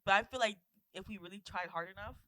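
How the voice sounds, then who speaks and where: A woman in her twenties chats on a podcast in a put-on British accent, rambling through her stories with plenty of fillers. Her voice is bright and forward. The sound is dry and close. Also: mid-range voice, fast talker, no room sound. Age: 20s. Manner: rambling, chatty storyteller with many fillers. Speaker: podcast co-host. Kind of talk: casual chat.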